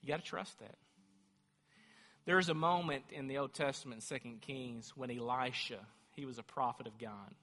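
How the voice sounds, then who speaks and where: A man's voice: mid-range voice, normal speed, pushed and bright. A man preaching a sermon as a pastor, speaking with fervent emphasis that rises into emphatic declarations. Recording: long hall reverb.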